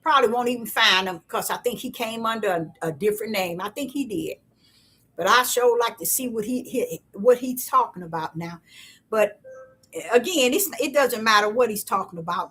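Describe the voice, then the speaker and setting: A woman giving a casual, repetitive spiritual talk to her viewers in a preachy, excitable way. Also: mid-range voice, slightly rough. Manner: preachy, repetitive, excitable, African American Vernacular English. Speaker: online preacher.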